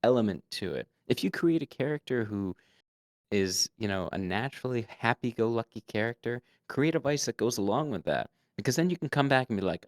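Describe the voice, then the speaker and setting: A man's voice: medium pitch, brisk, dry recording, studio quality. A man and game master, a guest giving casual tabletop roleplay advice and showing voices as he goes. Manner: animated, demonstrates voices.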